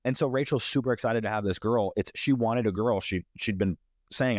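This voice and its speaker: A man's voice: mid-range voice, fairly quick, dry recording, clean studio sound. A young man in his twenties hosting a podcast, giving blunt, profane, emphatic relationship advice in a casual monologue. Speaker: podcast host.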